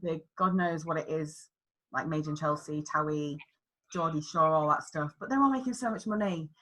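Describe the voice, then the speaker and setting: A woman's voice: low voice, normal speed, a bit bright, low-quality recording. A woman co-hosting a casual chat podcast, speaking steadily and agreeably as she sums up points. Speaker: podcast co-host.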